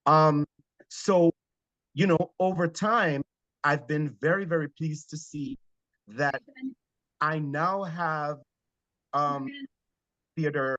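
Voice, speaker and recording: Jamaican male stage actor, interview guest, lively anecdotes with some hesitation, slightly high voice, dull dry recording. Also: slow pace, pauses often, no room sound. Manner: animated storytelling with hesitations. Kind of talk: conversational interview.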